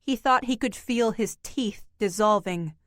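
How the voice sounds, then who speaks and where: A woman reads an audiobook at an unhurried, deliberate pace, her storytelling measured and even. The sound is dry and close, with no room around her voice. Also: medium pitch, no room sound. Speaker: audiobook narrator. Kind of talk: scripted audiobook narration.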